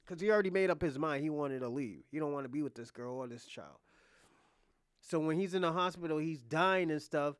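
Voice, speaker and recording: A man's voice: fairly high pitch, brisk, clear, resonant tone, no echo, clean studio sound. A man hosting a podcast, casually retelling a drama's plot in a rambling, profane way, full of restarts and acted-out quotes. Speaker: podcast host.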